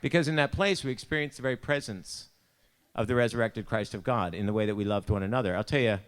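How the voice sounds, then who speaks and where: A fast-talking man with a mid-range voice and a Buffalo accent, hailing from Buffalo, New York, tells a personal story at a church devotion. He's chatty and pokes fun at himself, acting out the voices in his anecdote.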